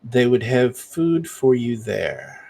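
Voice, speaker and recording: A man voicing a courteous, formal nobleman who gently scolds and apologizes. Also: medium pitch, very animated, takes it slowly, vocal fry, slightly rough, heavily acted. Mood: gently scolding. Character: courteous older nobleman host.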